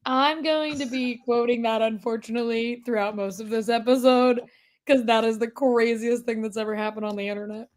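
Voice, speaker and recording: A woman's voice: on the high side, steady tone, a little fast. A woman joining a casual podcast chat as a guest, wry and sarcastic, swearing casually. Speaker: guest panelist.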